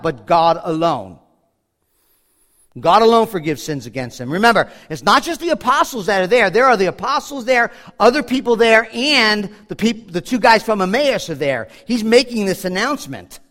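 A man's voice: sits high, fairly bright tone. A man preaching a sermon as pastor, in an earnest, conversational way with frequent restarts. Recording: long hall reverb.

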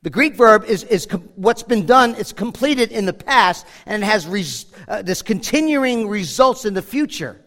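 A man's voice: high voice, lively intonation, moderate pace, hardly any pauses, fairly bright tone. A man preaching a sermon as pastor, in an earnest, conversational way with frequent restarts. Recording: long hall reverb.

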